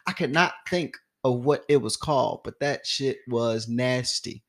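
A young man holds the floor on a casual podcast, telling a story in a relaxed, mid-pitched voice. He slips into the other people's voices as he tells it, and his laughter breaks through again and again. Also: unhurried. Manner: animated, acts out quoted voices, laughs often. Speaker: podcast co-host.

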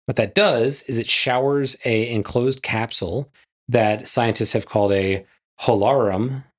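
A man's voice: mid-range voice, fairly even intonation, measured pace. A man co-hosting a casual podcast, rambling through a film and a science story. His talk is loose and chatty, full of "like" and "yeah" and little jokes. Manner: chatty, lots of "like" and "yeah", jokey asides. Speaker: podcast co-host. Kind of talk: casual chat.

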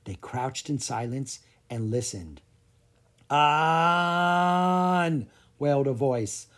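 A narrator reading a children's chapter book aloud, with storyteller pacing and dramatic pauses. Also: medium pitch, warm tone, husky. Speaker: audiobook narrator.

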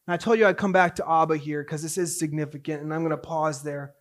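A man preaching a sermon as pastor, moving between hushed storytelling and raised, emphatic passages. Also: fairly high pitch, steady tone, quick pace.

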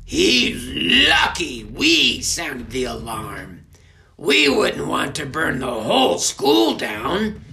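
A man's voice: fairly high pitch, creaky, pushed and bright, slight background noise, pitched above the performer's own voice, full character voice. A man voicing a centuries-old villainous sister who snarls spitefully and hates children, in a storybook reading.

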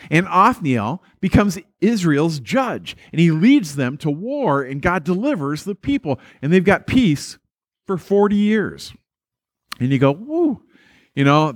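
A man preaching a sermon, telling the story in an animated way with playful asides and repeating words as he restarts. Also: high voice, dry recording, clean studio sound. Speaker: pastor.

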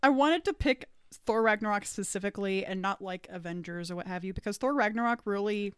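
A woman's voice: medium pitch, a little fast, clear, resonant tone, no room sound, clean studio sound. A woman hosting a tabletop gaming podcast in casual chat, upbeat and giggling between thoughts. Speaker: podcast host.

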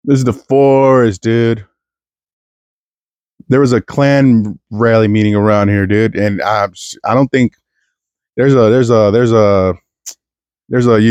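A man's voice: fairly low pitch, measured pace, darkish tone, smooth, no echo. A young man from East Texas talking into a podcast mic in a crude, self-mocking monologue full of stumbling restarts. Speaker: podcast host. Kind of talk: rambling comedic monologue.

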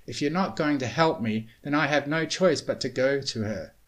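Casting note: a man doing a young mare unicorn, pushy and frantic, high urgent voice, storybook reading. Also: moderate pace, natural voice. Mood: insistent.

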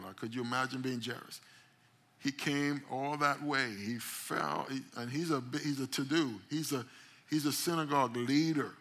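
A man's voice: medium pitch, moderate pace. A man preaching a sermon as pastor, retelling a story dramatically and calling out to the congregation. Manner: dramatic storytelling, acting out quoted lines with sudden loud rises; call-and-response phrases to the congregation. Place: church service.

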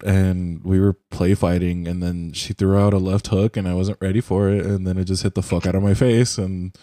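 Young guy, mellow tone, dry close computer mic, rambling and profane casual storyteller. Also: low voice, little pitch movement, moderate pace, no room sound. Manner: rambling, profane, heavy use of "like". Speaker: podcast co-host. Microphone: computer mic on a voice call.

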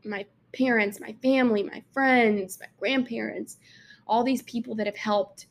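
A woman's voice: a little high, steady tone, measured pace. A young woman from Alabama with a Southern accent, chatting casually to camera and filling her talk with "like". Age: young adult. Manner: chatty, lots of "like" fillers. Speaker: intern vlogger.

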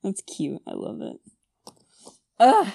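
Young woman, excitable game contestant, dry close sound. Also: medium pitch, takes it slowly, vocal fry, no room sound. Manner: excitable, giggly, swears under breath. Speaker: quiz contestant. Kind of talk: casual chat.

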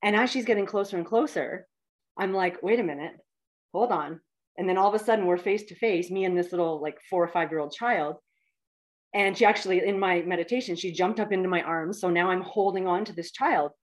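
A woman in her fifties, a guest telling a personal story in a heartfelt, animated way with many fillers. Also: fairly low pitch, a little fast. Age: 50s.

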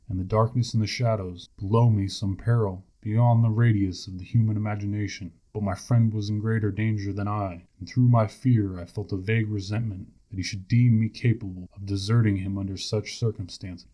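A man reading a dramatic story in a measured, grave manner. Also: fairly low pitch, dark tone. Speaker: narrator. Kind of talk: scripted dramatic narration.

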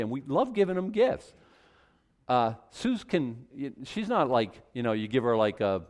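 A middle-aged man pastor preaching a sermon in a conversational, folksy way, with frequent asides and repeated words. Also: mid-range voice.

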